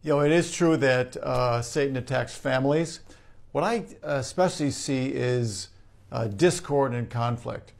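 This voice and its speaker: A man speaking as a Catholic priest in a gravelly voice, slow and measured, often pausing to search for words. His voice sits in a roomy, echoing space. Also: mid-range voice. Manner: measured, with frequent "uh" pauses. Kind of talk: pastoral teaching talk.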